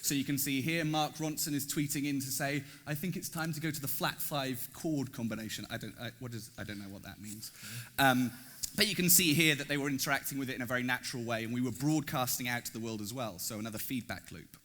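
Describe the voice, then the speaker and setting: A man's voice: medium pitch, fast talker, a bit bright. A man presenting his design work at a conference, enthusiastic and jokey, talking straight to the audience. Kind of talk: conference talk. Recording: echoey hall.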